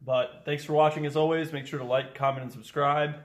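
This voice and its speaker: Excitable young man hosting a car vlog. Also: on the high side, brisk, no echo. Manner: excitable, swears casually. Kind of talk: casual vlog chat. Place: outdoors at a garage and dyno shop.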